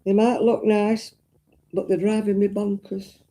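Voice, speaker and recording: A woman's voice: mid-range voice, little pitch movement, unhurried, warm tone. A woman, hosting a casual crafting live stream and chatting to viewers, fussing and exclaiming as she talks. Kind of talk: casual live-stream chat while crocheting.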